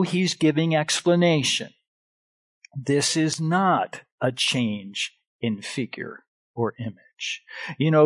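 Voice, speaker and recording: A man preaching a sermon with emphatic, deliberate delivery and swings in loudness. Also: fairly high pitch, dry recording. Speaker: pastor.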